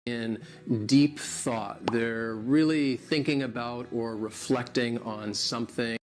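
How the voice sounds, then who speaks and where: A male English teacher in a lesson video who explains word meanings slowly and clearly. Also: mid-range voice, fairly even intonation.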